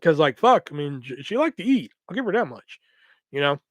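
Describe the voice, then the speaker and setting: A podcast host spins a long, loose story in casual chat, swearing at every turn and stuffing it with fillers. His voice sits a bit high for a man. The sound is dry and close, with no room around it. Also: big pitch swings, a little fast, dry recording. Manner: rambling, profane, lots of fillers.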